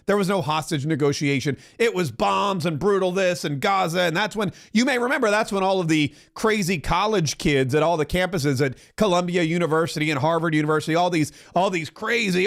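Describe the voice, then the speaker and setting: A man's voice: fairly high pitch, fairly bright tone. A man from Florida hosting a political livestream, talking sarcastically and mimicking the people he quotes. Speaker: podcast host.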